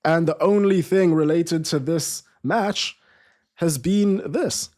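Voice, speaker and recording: Brief: male streamer with a slightly high voice, casual football commentary, lots of restarts. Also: slow, darkish tone. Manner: chatty, restarts sentences, reads viewer comments aloud. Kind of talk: live stream commentary and chat.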